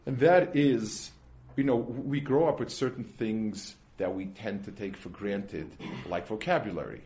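A lowish, darkish-toned male voice belongs to a Torah teacher giving a religious text class. He proceeds step by step with everyday examples, halting and restarting his sentences frequently.

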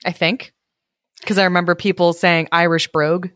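A woman's voice: fairly low pitch, flat delivery, normal speed, a bit bright, no room sound, clean studio sound. A woman co-hosting a podcast who reads an old folk tale aloud, giggling and breaking off for asides. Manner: giggly, adds asides while she reads. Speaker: podcast co-host reading folk tales. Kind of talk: casual chat and reading aloud.

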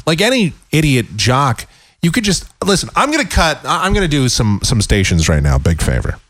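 A man's voice: medium pitch, huge pitch swings, normal speed, a bit bright, dry recording. Sarcastic ranting radio host man. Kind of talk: comedic talk radio.

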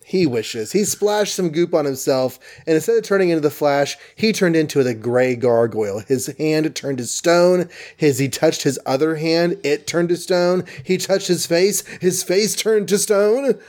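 A man casually recapping a comic book story in an animated, rambling way. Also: a little high, unhurried, hardly any pauses.

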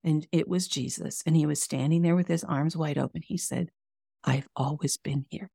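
A woman's voice: low voice, fairly even intonation, a little fast, vocal fry, dark tone, no room sound, clean studio sound. A middle-aged woman sharing an earnest, emotional personal faith testimony as an interview guest. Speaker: guest, author and coach.

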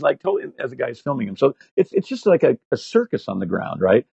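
An older man in his sixties telling animated stories as a guest, swearing freely and filling gaps with fillers. His voice is husky at a middle pitch. The sound is dry and slightly lo-fi. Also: fast talker, few pauses, no room sound. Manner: profane, animated anecdotes with many fillers. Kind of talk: casual storytelling interview. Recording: slightly dull lo-fi audio.

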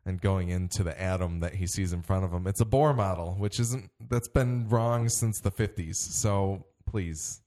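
A man's voice: deep voice, moderate pace, few pauses, dark tone. A man co-hosting a casual movie discussion, earnestly picking at the science details.

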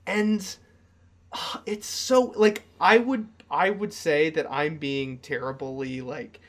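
Excitable man with a higher voice. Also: slow, creaky. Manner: animated, excitable, many restarts and "like" fillers. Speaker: podcast co-host. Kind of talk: casual chat.

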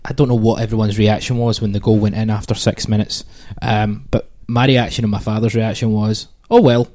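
A man's voice: on the low side, little pitch movement, fairly quick, darkish tone. Exasperated man hosting football chat. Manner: hesitant, filler-heavy, exasperated. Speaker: podcast host.

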